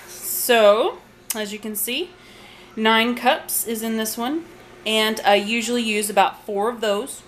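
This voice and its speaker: A fairly high-pitched woman speaks slowly as she hosts her own home cooking vlog, chatting loosely in her kitchen with fillers and asides. The homemade video picks up noticeable background noise.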